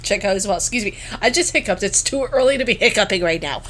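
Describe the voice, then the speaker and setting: A woman guest on a podcast, telling stories in casual chat, giggly and animated, swearing casually. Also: mid-range voice, quick pace.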